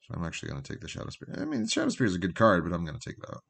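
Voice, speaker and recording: This adult man with a job rambles through commentary on his own card game during a live stream, musing aloud with fillers and drifting asides. He speaks very fast in a low, gravelly, husky voice that's fairly bright, with wildly swooping pitch.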